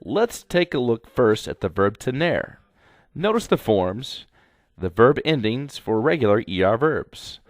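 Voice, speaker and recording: A man's voice: medium pitch, very animated, unhurried, no echo. A man teaching a grammar lesson slide by slide, speaking instructively and repeating directions to students. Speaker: Spanish teacher.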